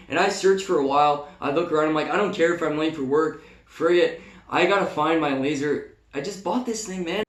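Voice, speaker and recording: Young male storyteller, high pitch, casual and profane, echoey room recording. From Canada. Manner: animated, swearing, acts out shouted quotes. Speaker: vlogger.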